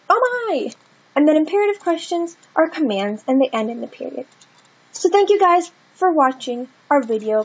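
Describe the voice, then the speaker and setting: A woman's voice: high voice, a little mellow, dull audio. A woman giving a casual grammar lesson, talking it through in a chatty way and acting out example sentences. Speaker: student tutor.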